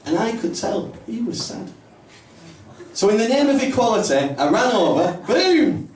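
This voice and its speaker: Northern English stand-up comic, lively pitch. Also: male voice. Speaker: stand-up comedian. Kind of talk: stand-up comedy set. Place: small comedy club in a pub. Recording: roomy, distant live mic, faint ambience.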